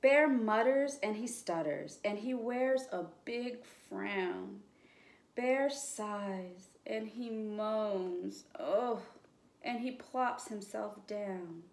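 A woman librarian reading a picture book aloud at storytime, with slow, expressive, encouraging delivery. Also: medium pitch, creaky, echoey room. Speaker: children's librarian.

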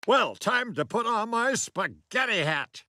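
An actor playing an eccentric, cheerful cartoon mayor. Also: male voice, very animated, measured pace, noisy background. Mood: chipper. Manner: oddly chipper, sudden leaps in pitch. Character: eccentric, cheerful middle-aged male mayor.

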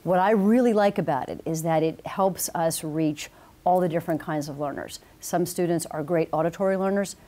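A female business professor, a guest in a TV studio interview, speaks in a low, mellow voice. She explains things in a measured, confident way.

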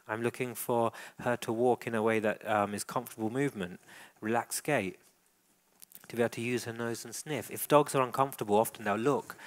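A man who works as a dog trainer, leading a live training demonstration and coaching handlers with frequent praise. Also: fairly low pitch.

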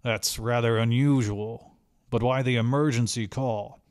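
A man voicing a gruff, blunt middle-aged space commander with a curt, clipped delivery. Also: mid-range voice, steady tone, measured pace, darkish tone, dry recording, clean studio sound, close to an everyday voice. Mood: brisk.

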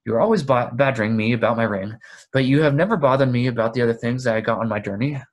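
A man voicing a fussy, possessive elderly male hobbit who rises to sharp, excited outbursts. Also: mid-range voice, a little slow, vocal fry, husky. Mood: defensive.

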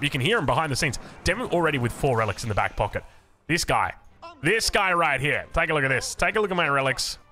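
A man's voice: fairly high pitch, sharp tone. A man with an Australian accent doing chatty esports commentary on a strategy game, with self-mocking asides. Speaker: game caster.

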